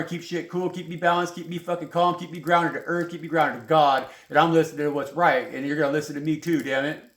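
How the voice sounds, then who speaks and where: A man with a fairly high voice rambles through a tarot reading, cursing freely as he gets heated. The room around him rings with a noticeable echo. He talks loosely and restarts his thoughts often. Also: fairly bright tone. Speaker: tarot reader. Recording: roomy echo.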